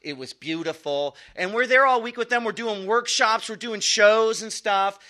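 A man's voice: sits high, moderate pace, pushed and bright. A man doing stand-up comedy, telling a long story in a loose, conversational way with a bit of swearing. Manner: conversational, profane, chuckles through his own story.

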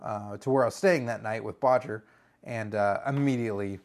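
Excitable man telling a story. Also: lowish voice, normal speed. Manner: animated, excitable, swears freely, breaks into loud exclamations. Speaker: podcast guest telling a story. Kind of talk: casual storytelling.

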